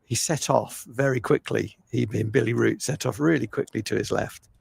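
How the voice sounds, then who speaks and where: A man's voice: medium pitch, moderate pace, creaky, slightly rough, no room sound. A man commentating live on cricket, chatty and rambling, with a self-deprecating way of talking.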